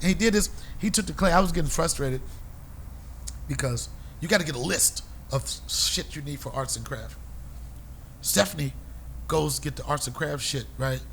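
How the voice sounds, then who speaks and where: ऊँची आवाज़ वाला एक आदमी, जो कॉमेडी पॉडकास्ट पर जोशीले और गालियों भरे अंदाज़ में किस्से सुनाता है।. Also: male voice, fairly high pitch, normal speed, creaky, long pauses, slight background noise. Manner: animated and profane, acting out other people's voices. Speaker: podcast host. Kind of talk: comedic storytelling.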